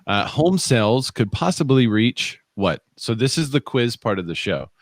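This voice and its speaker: A man's voice: mid-range voice, big pitch swings, normal speed, no echo. A man co-hosting a live real estate show, chatting casually and reading viewer comments aloud. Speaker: podcast co-host.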